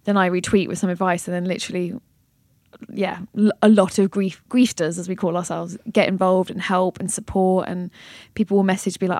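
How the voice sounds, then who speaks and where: Woman, podcast guest, passionate, animated, dry close sound. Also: lowish voice, a little fast, dry recording. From Britain. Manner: passionate, animated, swears and laughs. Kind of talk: casual chat.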